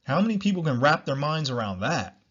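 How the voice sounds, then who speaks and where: A man's voice: fairly high pitch, big pitch swings, brisk, a bit bright, husky, muffled recording. A man hosting a solo podcast, talking bluntly, repeating himself and swearing freely. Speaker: podcast host.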